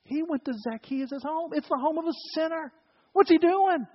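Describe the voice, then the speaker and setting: A man's voice: extremely high pitch, moderate pace, voice pushed up. A man acting out indignant, muttering churchgoers. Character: grumbling self-righteous churchgoers, indignant. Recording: dull, reverberant church recording.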